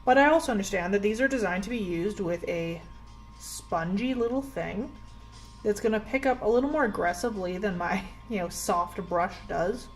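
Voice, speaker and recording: A young woman from Canada talks through her makeup routine in a relaxed, self-deprecating way, her voice at an ordinary middle pitch. She fills her sentences with "like" and chats to the camera from home. Soft music plays faintly behind her. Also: normal speed, low-quality recording. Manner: chatty, self-deprecating, full of "like". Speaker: beauty vlogger. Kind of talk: casual get-ready-with-me chat. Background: soft background music.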